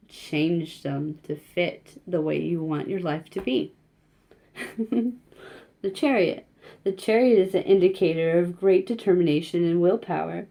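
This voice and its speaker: A woman giving a casual spiritual card reading, talking gently and haltingly with many fillers. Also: fairly low pitch, creaky.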